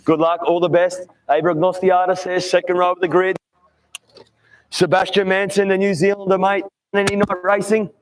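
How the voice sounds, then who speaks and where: At a night kart race, this announcer chats with young drivers on the grid in a voice that sits high, keeping a level tone at normal speed. Upbeat and friendly, he addresses each of them as mate.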